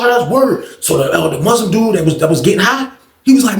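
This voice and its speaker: Animated high-voiced man telling a story. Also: fast talker, echoey room. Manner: animated, acts out voices of others, slangy. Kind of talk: casual storytelling.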